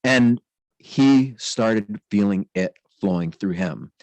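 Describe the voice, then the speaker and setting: A man's voice: fairly low pitch, takes it slowly, a little mellow, no echo, poor audio. A man giving an earnest personal testimony in spiritual terms, speaking intensely as the host of his own channel.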